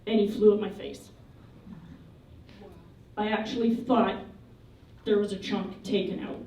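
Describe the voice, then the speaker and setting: A woman giving a memorial eulogy, telling funny, lively anecdotes about the people she remembers. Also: mid-range voice, measured pace, a little hiss or hum. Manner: lively, humorous storytelling. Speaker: eulogy speaker. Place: memorial service hall. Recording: echoey hall, voice from a distance.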